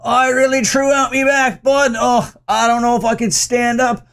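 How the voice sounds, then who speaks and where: A man's voice: very high voice, flat delivery, moderate pace, vocal fry, a bit bright, voice pushed up, full character voice. A man putting on a whiny mock-Irish rocker. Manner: mocking, groaning.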